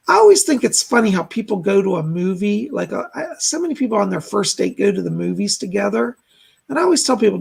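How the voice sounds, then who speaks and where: Male psychic host on a live stream, gravelly and very raspy, gentle and reassuring, chatty. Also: sits high. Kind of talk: casual live-stream readings.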